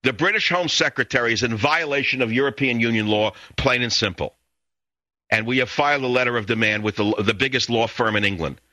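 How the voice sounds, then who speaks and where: A man's voice: mid-range voice, fairly quick, sharp tone, dry recording. Furious man ranting on talk radio. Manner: indignant, taunting, repeating insults. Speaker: radio talk show host. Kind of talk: angry radio monologue. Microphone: studio microphone.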